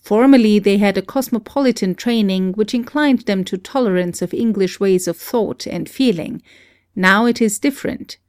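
Woman narrating in a dry, steady voice. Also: medium pitch, normal speed, no echo. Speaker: audiobook reader. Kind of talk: scripted narration of a memoir.

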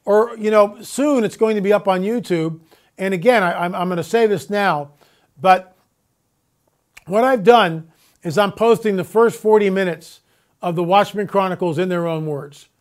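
A man's voice: high voice, moderate pace. A man hosting a radio talk show, speaking emphatically with repetitions and rhetorical questions. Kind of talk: casual monologue on air.

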